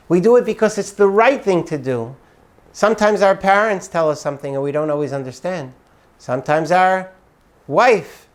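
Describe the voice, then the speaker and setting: High-voiced man telling an inspirational story. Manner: earnest, expressive, moralizing. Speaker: religious storyteller.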